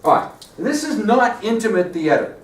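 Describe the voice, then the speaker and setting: A man directing a rehearsal on a stage, giving brisk notes and checking in with "okay?" after each point. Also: high voice, very animated, slight background noise. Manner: brisk, repeats "okay?", acts out lines loudly. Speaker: theater director. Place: theater stage. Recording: echoey stage from far off, faint ambience.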